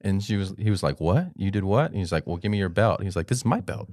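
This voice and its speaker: A man's voice: low-pitched, fast talker, no room sound, studio quality. A middle-aged man hosting a podcast, telling stories and acting out the quotes with lots of swearing. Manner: animated storyteller, acts out quotes, swears. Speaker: podcast host. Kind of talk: casual podcast storytelling.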